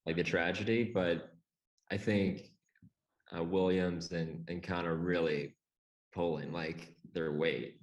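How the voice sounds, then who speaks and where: Deep-voiced man chatting about a film. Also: fairly even intonation, slow pace, dull audio. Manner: hesitant, many "like" fillers, agreeable. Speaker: guest critic. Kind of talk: casual film discussion.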